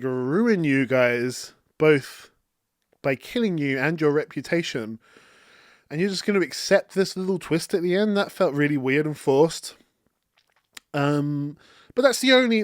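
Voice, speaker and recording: A man hosting a casual movie review show, animated and quoting characters in a raised voice, with hay fever that keeps him coughing. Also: fairly high pitch, no echo, clean studio sound. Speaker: film review host.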